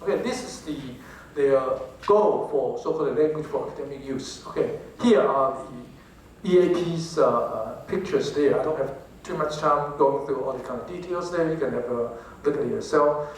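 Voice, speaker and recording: A man's voice: fairly high pitch, normal speed. A man with a Taiwanese accent gives a lecture to teachers, often asking the audience rhetorical questions and repeating his words. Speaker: professor giving a talk on English teaching. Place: large lecture hall. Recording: very echoey hall, distant from the mic, faint noise.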